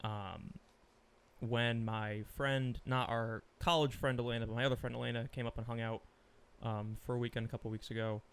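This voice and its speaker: A man co-hosting a relaxed podcast, his voice sitting in an ordinary middle pitch. He talks in an animated, casual way, laughs often and swears freely. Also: moderate pace, clean tone. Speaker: podcast co-host. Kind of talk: casual chat.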